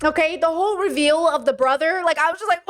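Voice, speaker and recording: A young woman hosting her channel, chatting casually about shows in an animated, swearing way, often saying bro. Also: very high voice, quick pace, a little hiss or hum. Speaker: channel host. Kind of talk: casual commentary chat.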